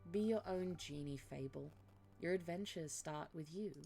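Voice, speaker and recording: A woman voicing a calm innkeeper who speaks gently and encouragingly in a cosy tavern role-play. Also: deep voice, normal speed, creaky. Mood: gentle.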